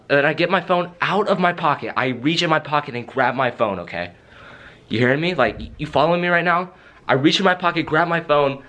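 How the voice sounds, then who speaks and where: A young man with a voice pitched a little high for a man rants to the camera in a comic vlog. He rambles in an excitable way, keeps stringing thoughts together with filler words and keeps checking whether the listener is following. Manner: rambling, excitable, fills with "like" and "right?". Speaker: vlogger. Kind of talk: comedic rant to camera.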